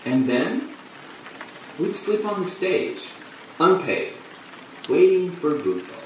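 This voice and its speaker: Casting: an actor as a rueful male theatre performer, slow and lively in pitch, halting with bitter laughs, heard from far off in an echoey room with rain. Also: slight background noise. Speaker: actor in a monologue. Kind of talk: stage monologue on film.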